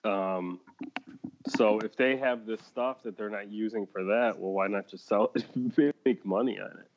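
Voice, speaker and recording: A man's voice: lowish voice, moderate pace, lo-fi sound. A man co-hosting a casual podcast, rambling with restarts and laughing often. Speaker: podcast co-host. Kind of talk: casual chat.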